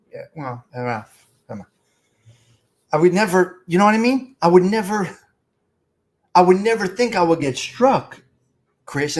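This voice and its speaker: Man hosting a live stream, rambling and profane, fairly high voice, chats with viewers, webcam sound. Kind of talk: casual live-stream chat.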